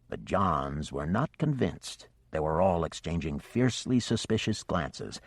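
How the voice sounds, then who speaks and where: Low-voiced man narrating expressively. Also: unhurried, creaky, hardly any pauses, slightly rough, no room sound, studio quality. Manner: expressive storytelling. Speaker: audiobook narrator. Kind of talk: scripted narration.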